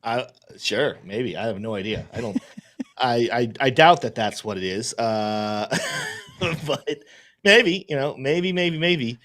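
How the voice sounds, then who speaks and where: A man's voice: medium pitch, lively intonation, slow pace, fairly bright tone. A man hosting a casual livestream, thinking aloud and rambling as he works through things. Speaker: host and trader.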